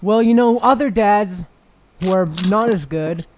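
A man's voice: high-pitched, normal speed. A man co-hosting a casual livestream podcast, joking around and swearing freely. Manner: jokey, swears freely, goofy asides. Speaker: podcast co-host. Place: home in Egypt.

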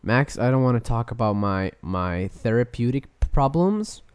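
A man co-hosting a comedic podcast over a video call, clowning around and switching between a squeaky high voice and a deep mumble. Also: big pitch swings, moderate pace, darkish tone, smooth, no room sound. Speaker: podcast co-host. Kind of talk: comedic casual chat. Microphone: video call mic.

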